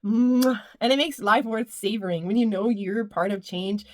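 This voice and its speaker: A woman's voice: medium pitch, normal speed, no echo. A woman giving a casual spiritual pep talk. She is exuberant, laughs often and strings her phrases into rhythmic lists. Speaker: spiritual channel and motivational speaker.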